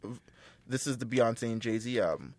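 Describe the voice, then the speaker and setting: A man's voice: mid-range voice, animated, normal speed, a little mellow, dry recording. Rambling opinionated man, dry sound. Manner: opinionated, rambling, profane, many fillers. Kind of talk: casual chat.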